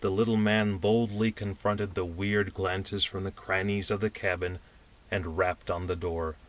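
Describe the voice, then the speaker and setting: Low-voiced male audiobook narrator. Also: level tone, unhurried, far from the mic. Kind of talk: scripted narration.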